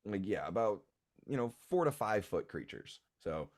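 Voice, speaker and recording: A man's voice: fairly low pitch, very animated, normal speed, darkish tone, no echo, studio quality. A man narrating a tabletop game as game master, hesitant and full of ums and uhs.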